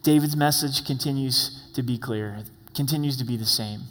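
A man's voice: medium pitch, moderate pace, fairly bright tone. Casual, conversational preacher man. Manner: casual, conversational, with asides and repeated words. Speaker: pastor. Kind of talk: expository sermon. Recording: long hall reverb.

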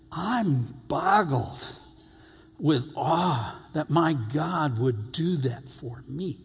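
A man preaching a sermon, reading scripture aloud and stressing his phrases slowly and emphatically. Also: fairly high pitch, fairly bright tone, husky. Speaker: pastor. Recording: long hall reverb.

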